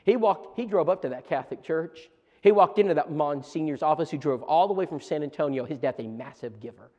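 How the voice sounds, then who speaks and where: A man with a notably high voice tells a story as a preacher, animated and stumbling over repeated words as he goes. His voice hangs in the long reverb of a church hall. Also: a little fast, lo-fi sound. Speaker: preacher teaching a church seminar. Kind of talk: storytelling sermon lesson. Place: church auditorium.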